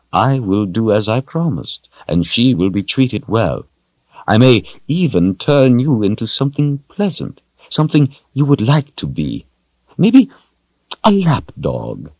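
A man's voice: on the low side, darkish tone, no room sound, dull audio, voice pushed up. A man voicing a cold, smug, menacing male sorcerer who speaks in a silky, mocking way.

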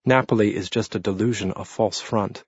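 A man voicing a horrified young man's quiet inner thoughts in an audiobook reading. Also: lowish voice, steady tone, normal speed, breathy edge, dry recording. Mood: shaken inward. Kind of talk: audiobook narration. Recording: dull lo-fi dry read.

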